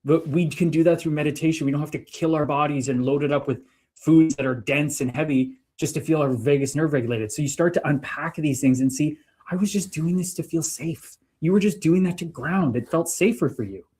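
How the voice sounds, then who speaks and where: A man co-hosting a livestream, telling spiritual stories in an animated way that swings between loud and soft. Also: on the high side, fairly quick. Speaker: livestream co-host. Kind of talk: spiritual casual chat.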